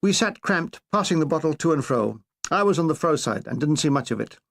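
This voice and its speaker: A man reads a comic war memoir with wry, deadpan timing. His voice sits fairly high for a man and rises and falls in lively swoops. It is a storyteller's reading. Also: a little fast, creaky. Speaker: narrator.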